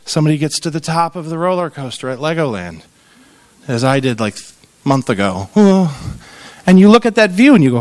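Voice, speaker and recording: Man, 30s, high voice, funny conference speech, storytelling, comic asides, acted-out quotes. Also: very animated, fairly quick. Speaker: keynote speaker on tourism.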